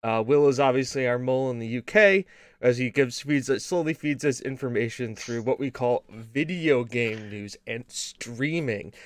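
A man co-hosting a laid-back gaming stream show, rambling through restarts as he spins deadpan spy jokes. His voice sits in the middle range and sounds dry and close. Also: mid-range voice, moderate pace, no echo. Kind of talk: casual joking chat.

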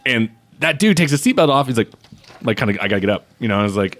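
A man telling a story in casual chat, profane and animated, acting out the people he quotes. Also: mid-range voice, rapid-fire.

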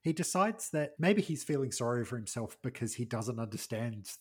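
A man co-hosting a casual podcast, summing up a TV episode's plot in a relaxed way with offhand asides. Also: mid-range voice, moderate pace, slightly rough. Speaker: podcast co-host. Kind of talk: casual chat reviewing a TV episode.

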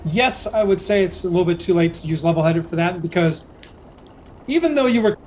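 A man acting as game master of a tabletop game, explaining rules and narrating scenes in a relaxed way with frequent self-corrections. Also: high-pitched, fairly quick, soft background music.

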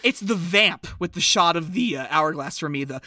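A man cohosting a podcast, recapping a film with campy jokes and quick asides. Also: a little high, lively intonation, very noisy. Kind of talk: casual film recap chat.

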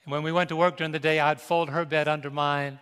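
A man's voice: fairly high pitch, little pitch movement, quick pace, fairly bright tone, clean tone. An older man from New York, a pastor telling a personal, emotional story in a sermon and calling out to his congregation. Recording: reverberant large hall.

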